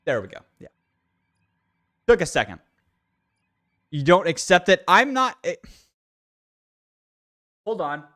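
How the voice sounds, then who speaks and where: A young male streamer rants at his game, swearing and venting to his chat. His voice sits a little high and swings widely in pitch, jumping between frustrated outbursts and low muttering. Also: big pitch swings, slow pace, long pauses, pushed and bright. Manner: exasperated, swearing, ranting at the game. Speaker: livestreamer. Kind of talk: casual gaming livestream.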